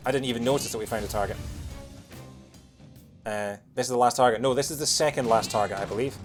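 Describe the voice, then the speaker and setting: A man with a Scottish accent softened by years in England, chatting quickly while streaming a game, with lots of fillers and restarts. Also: mid-range voice, soft background music. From Scotland. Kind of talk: casual chat while playing a game.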